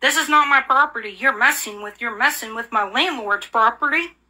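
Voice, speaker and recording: A woman rants in fury, swearing and repeating the same bitter accusations. Her voice is very bright and sharp, and it sits a little high. She sounds worn out and fed up. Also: moderate pace. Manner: furious, profane, repetitive insults. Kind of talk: angry rant.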